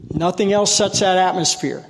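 In a long, reverberant hall, a lay preacher delivers a sermon with folksy storytelling warmth, urging his congregation to answer back. His slightly high voice holds a steady tone at a moderate pace, then swells into shouting bursts when he gets fired up.

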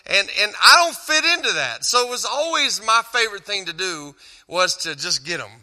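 At a church event, a Texan-accented man who sings and speaks as a Christian cowboy chats loosely from the stage. His high voice is pushed and bright, moving in a sing-song way at normal speed, with a big-room sound. He wanders, jokes and breaks off his own sentences.

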